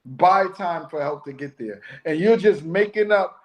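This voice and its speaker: A man with a strikingly high-pitched speaking voice chats about his years on the police force. His voice is naturally loud, and he slips into the voices of the people he quotes. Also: lively intonation, unhurried. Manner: loud voice, acts out quoted speech. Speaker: former police officer. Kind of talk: casual podcast conversation.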